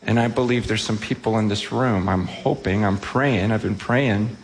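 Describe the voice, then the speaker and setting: A man's voice: lowish voice, steady tone, moderate pace, in a large hall, slight background noise. A man preaching a sermon to a congregation in a church, speaking earnestly and with emphasis. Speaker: pastor. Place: church hall with a live audience.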